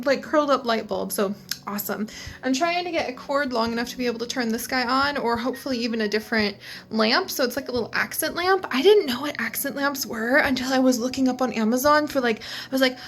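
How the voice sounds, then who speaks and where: A woman's voice: high voice, a bit bright. A woman vlogging in a casual, chatty and enthusiastic way, with lots of "like" fillers. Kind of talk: casual chat.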